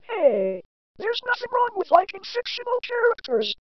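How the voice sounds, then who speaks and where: A woman's voice: very high-pitched, wildly swooping pitch, moderate pace, no echo, exaggerated voice. A woman voicing a cheerful young male fox sidekick. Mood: defensive. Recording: dry, dull lo-fi home recording.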